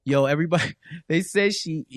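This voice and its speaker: A man co-hosting a casual TV recap show, telling the plot in an animated way and acting out the characters' lines. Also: a little high, normal speed, dry recording, studio quality. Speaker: podcast co-host.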